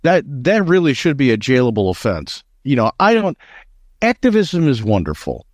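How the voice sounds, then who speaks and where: Emphatic American talk-radio man, lively pitch. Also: normal speed, dry recording, studio quality. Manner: emphatic, indignant, repeats words when heated. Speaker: radio talk show host. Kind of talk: political talk radio commentary.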